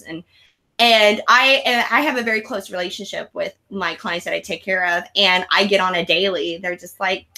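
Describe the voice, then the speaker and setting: A woman, hosting a casual chat and telling stories with frequent laughter. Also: medium pitch. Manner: animated storyteller, laughs often. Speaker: host.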